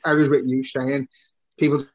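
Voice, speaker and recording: A man's voice: mid-range voice, little pitch movement, normal speed, no echo, dull audio. A man, hosting a podcast in agreeable, chatty talk. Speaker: podcast host. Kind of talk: casual chat.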